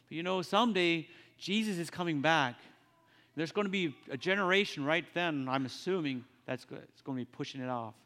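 A man preaching a sermon in an earnest, halting way, often repeating his phrases. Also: on the high side, a bit bright. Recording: long reverb of a church hall.

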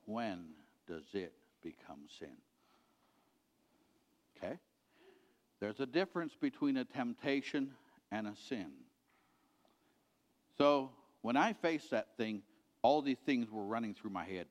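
A middle-aged man preaching a sermon as a pastor, earnestly repeating his points and letting them sink to a quiet finish. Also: medium pitch, lively intonation, a little slow, pauses often, dull audio. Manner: earnest, repetitive exhortation, dropping quiet at ends of points. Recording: reverberant hall.

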